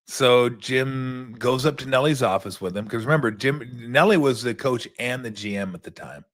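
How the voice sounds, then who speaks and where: Middle-aged male host, former player, casual and animated storyteller who stumbles over his words. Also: mid-range voice, moderate pace, hardly any pauses.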